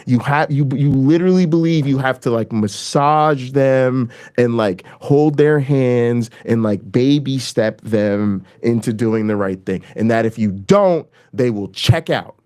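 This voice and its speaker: Hosting his own channel, a man launches into a heated, profane political rant to camera, repeating lines for emphasis. His clear, resonant, slightly mellow voice runs a little slow with hardly any pauses, swinging between raised emphasis and low, dropped delivery.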